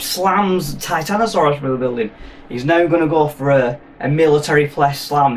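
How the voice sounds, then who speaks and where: Profane man recapping a film. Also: fairly high pitch. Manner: rambling, profane, jokey. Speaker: film reviewer. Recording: voice from a distance, faint noise.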